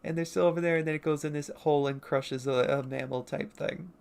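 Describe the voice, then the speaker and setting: Woman comic artist, rambling and self-mocking, casual art stream. Low voice. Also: fairly even intonation, fairly quick, creaky, darkish tone, clear, resonant tone. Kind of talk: casual livestream chat.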